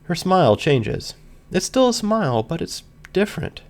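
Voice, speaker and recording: A man with a gravelly voice reading a first-person story aloud in an earnest, emotional way. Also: high-pitched, very animated, moderate pace, darkish tone. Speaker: reader. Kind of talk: scripted fan fiction narration.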